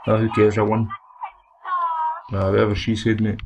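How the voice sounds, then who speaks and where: Scottish man, let's play commentary, low gravelly voice, rowdy trash talk, noisy recording. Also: moderate pace, dull audio. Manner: excited, foul-mouthed trash talk at the game. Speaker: gaming commentator.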